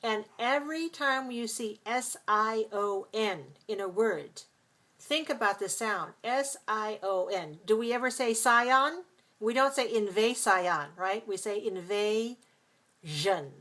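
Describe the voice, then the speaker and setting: A woman teaching English pronunciation in a live class, patiently explaining sounds step by step and repeating words slowly. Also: fairly high pitch, a bit bright.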